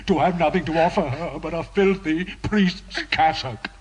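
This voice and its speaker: A man's voice: on the high side, moderate pace, a crowd in the background, natural voice, poor audio. A man playing a tormented obsessive priest. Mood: tormented pleading. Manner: anguished, pleading, veering from hushed to shouting. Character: tormented obsessive male priest, middle-aged. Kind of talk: radio drama acting.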